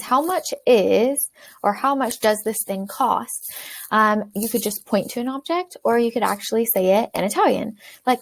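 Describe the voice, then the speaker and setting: Woman teaching a beginner lesson. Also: a little high. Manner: clear, slow repetition for learners. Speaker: language teacher.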